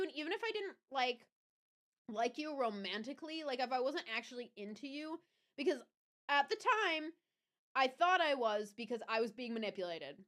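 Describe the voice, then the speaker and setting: A young woman with a Southern US accent, streaming live and talking straight to her chat. Her voice sits a little high and swings widely in pitch. She tells her story in a chatty, animated way, stopping to correct herself and laughing between lines. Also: normal speed. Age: young adult. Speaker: livestream host.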